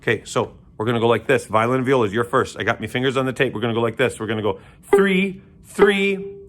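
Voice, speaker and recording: A man in a school orchestra room walks children through a string lesson. He talks in a playful, coaching way, with sing-song call-and-response chants and goofy jokes. His voice sits at an ordinary middle pitch. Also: fairly even intonation, very fast, a bit bright, faint music behind.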